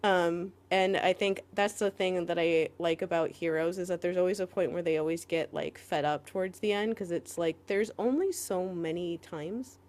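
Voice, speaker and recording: Rambling woman with a lowish voice. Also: normal speed, few pauses, a little mellow. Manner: rambling, heavy filler "like", frequent laughs. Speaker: podcast co-host. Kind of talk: casual chat.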